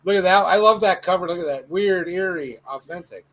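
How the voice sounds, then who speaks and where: A man hosting a live stream, chatting casually and excitedly about comic books. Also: sits high, fairly quick. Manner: enthusiastic, slangy, exclaiming. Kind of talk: casual chat.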